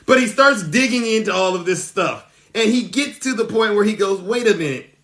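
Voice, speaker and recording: Animated mock-earnest man streaming. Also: high-pitched, moderate pace. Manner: mock-earnest, animated, rising excitedly when retelling. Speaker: live stream host. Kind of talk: satirical live stream monologue.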